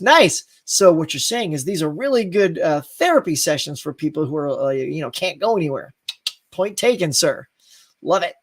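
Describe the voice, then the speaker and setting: Man host, live chat, rambling, gravelly, dry close mic. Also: fairly high pitch, normal speed, no echo. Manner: rambling, animated, laughs between thoughts. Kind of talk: casual live-stream chat.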